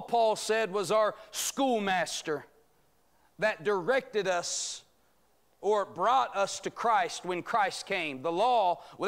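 A man teaching a church Bible study, preaching emphatically and drawing out amens from the congregation. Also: high voice. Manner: emphatic, rhetorical preaching with calls of amen. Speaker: pastor. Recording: church sanctuary recording.

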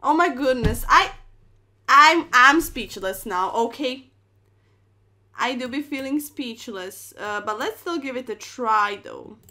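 Young woman streaming chess, playful slang, big dramatic reactions, high voice. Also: measured pace, sharp tone. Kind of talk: live chess commentary.

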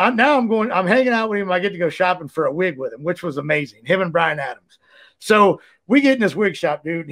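A man from Ohio, a former wrestler, telling stories as a guest in a casual, animated way, laughing often and leaning on "you know.". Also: high voice. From Ohio, USA. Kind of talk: casual storytelling.

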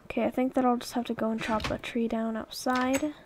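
Young woman, fairly high voice, rambling casual gameplay commentary, exclaims often. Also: little pitch movement, fairly quick, background noise. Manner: chatty and rambling, coaxing pets, exclaiming. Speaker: let's play YouTuber.

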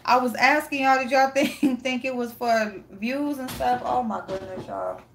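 A woman's voice: a little high, lively intonation, moderate pace, a little hiss or hum. A woman hosting a casual live stream, reading chat and greeting viewers by name, blunt and profane with frequent laughter.

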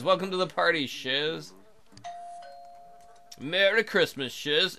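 A man's voice: fairly high pitch, expressive, slow pace, long pauses, sharp tone. A man hosting a casual let's play, joking crudely and chatting to the characters on screen as he plays. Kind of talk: casual game commentary.

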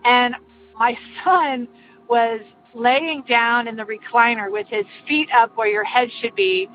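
A woman's voice: on the high side, a little hiss or hum. Older woman telling a true ghost story. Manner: earnest, meandering, with many pauses. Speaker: caller sharing a ghost story. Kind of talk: casual personal storytelling. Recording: slightly muffled, faint music behind.

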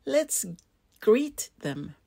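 A woman reading a picture book puts on a lazy rattlesnake with an easygoing, evasive tone. He rattles off his excuses quickly and a touch higher. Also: very animated, gravelly, warm tone, no echo, clean studio sound, heavily acted. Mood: breezy. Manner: breezy, evasive. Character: lazy male rattlesnake, always promising tomorrow.

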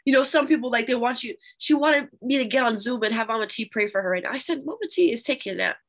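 Animated high-voiced woman preaching. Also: fast talker. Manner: animated, emphatic, addresses audience directly. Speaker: prophetess leading Bible study. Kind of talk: storytelling sermon.

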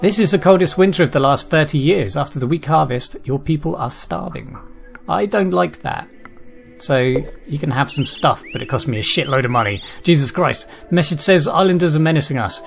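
A man's voice: a little high, brisk, gravelly. A man giving casual commentary over a video game, reading the on-screen text aloud with frequent chuckles and exclamations. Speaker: gameplay commentator. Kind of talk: casual let's-play commentary. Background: game music.

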